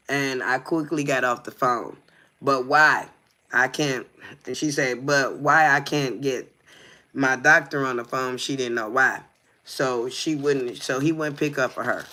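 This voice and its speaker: A man's voice: mid-range voice, fairly even intonation, a little slow, pushed and bright. A man co-hosting a livestream, reading a text aloud with stumbles and breaking off to ask the listener "you hear me". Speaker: livestream co-host.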